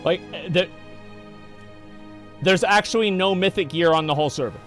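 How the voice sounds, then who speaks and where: A man's voice: sits high, normal speed, fairly bright tone, soft background music. A man streaming live, ranting casually and with frequent swearing while he answers chat. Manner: profane, exasperated ranting.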